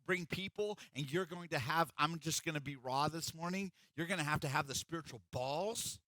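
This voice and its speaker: A man's voice: on the high side, normal speed, pushed and bright, no echo. A middle-aged man preaching a sermon as pastor, in an emphatic, conversational way.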